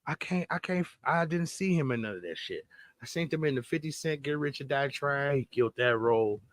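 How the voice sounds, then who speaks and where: A young man co-hosting a podcast, talking in a casual, profane way and swinging between loud bursts and low mutters. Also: expressive, fairly quick, no echo. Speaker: podcast co-host.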